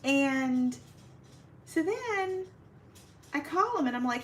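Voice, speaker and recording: A woman's voice: high-pitched, big pitch swings, slow, long pauses, slight background noise. Chatty woman crafting on a livestream. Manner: chatty, greets viewers by name, laughs often. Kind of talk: casual livestream chat while crafting.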